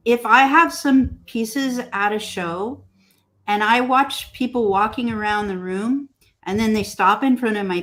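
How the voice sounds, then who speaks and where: Woman, interview guest, unhurried pace, gentle storytelling. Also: medium pitch. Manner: slow, gentle storytelling with lively quoted voices. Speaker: mosaic artist, interview guest. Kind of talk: casual interview conversation.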